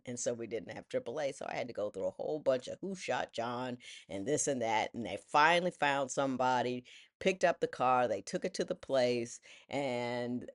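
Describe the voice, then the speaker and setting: Woman, 60s, lively self-deprecating storyteller who drops into quoted voices. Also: rumbling low. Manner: animated, self-mocking, acts out voices in quotes. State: widowed. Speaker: vlogger. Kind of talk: personal storytelling.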